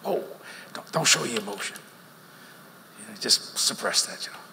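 Bright-voiced older Louisiana preacher. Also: male voice, medium pitch, lively intonation, normal speed, gravelly, slight background noise. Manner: folksy, joking, drawling storyteller. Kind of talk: humorous sermon storytelling. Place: large meeting hall. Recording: reverberant hall with faint ambience.

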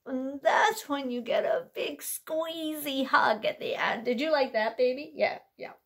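A woman leading a library rhyme time for toddlers, talking gently and playfully to a baby doll. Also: high voice, expressive, moderate pace, few pauses. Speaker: library storytime leader.

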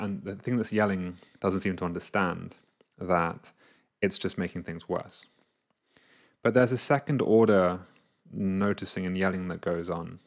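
A man with a deep, creaky voice talks to the camera in a laid-back, reflective way. As a coach, he unpacks an idea using examples from his own life, voicing the thoughts in his head.

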